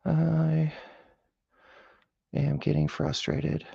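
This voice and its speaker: A man's voice: on the high side, completely flat delivery, extremely slow, creaky, mellow, breathy edge, no room sound, highs cut off. A man picking a lock on camera, muttering and whispering to the pins, swearing and cracking jokes as he goes. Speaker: hobbyist lock picker. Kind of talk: casual talk-along while lock picking. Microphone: camera close by.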